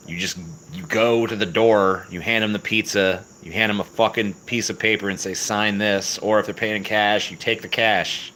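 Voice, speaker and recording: A low-pitched man with a bright, forceful edge to his voice, answering a livestream chat in a crude, deadpan, mocking way. Faint crickets and insects chirp in the background. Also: moderate pace, slight background noise, rough recording. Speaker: livestream host reading chat.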